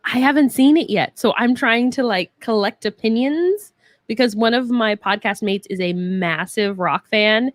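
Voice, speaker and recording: A woman cohosting a casual chat on a video call, chatty and joking and quick to laugh. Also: a little high, no room sound, studio quality.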